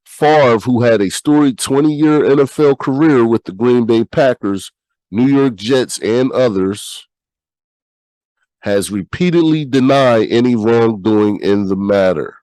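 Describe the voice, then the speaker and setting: A sick American podcast host with a nasal, stuffy voice, talking bluntly and reading news aloud. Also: male voice, mid-range voice, measured pace, warm tone, no room sound, poor audio. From United States. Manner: blunt, repeats himself, swears freely.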